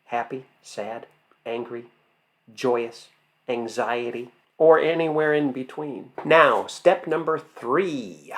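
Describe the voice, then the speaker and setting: Man, acting coach, emphatic teaching, rhetorical questions, medium pitch. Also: slow. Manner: emphatic, fires rhetorical questions and answers them. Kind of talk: instructional talk to camera.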